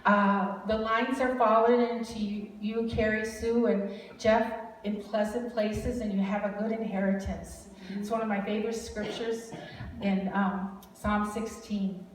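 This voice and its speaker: A guest speaker from Wisconsin, USA prophesies over a family in a chatty, informal ministry talk, laughing often and wandering into rambling asides. Her medium-pitched voice is steady and unhurried, recorded from far off in an echoey large hall with a little hiss or hum.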